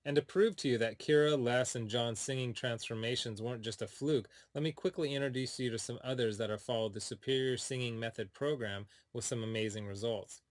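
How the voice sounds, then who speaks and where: A man, a singing teacher, delivering an upbeat, persuasive sales pitch for his course straight to the listener. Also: a little fast, hardly any pauses, no echo.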